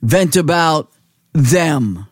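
A man preaching a sermon, slow and emphatic, repeating phrases for weight. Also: on the high side, expressive, dry recording, clean studio sound.

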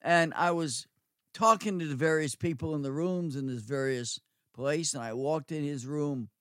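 A middle-aged man preaching a sermon, slowly repeating phrases for emphasis and swinging between loud and quiet. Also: on the high side, clean tone, dry recording, studio quality. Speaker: preacher, former nursing home chaplain.

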